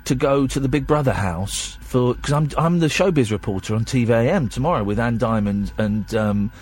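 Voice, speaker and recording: A man's voice: mid-range voice, moderate pace, darkish tone, husky. A tired man, hosting a late-night radio show in a rambling, chatty, self-deprecating way.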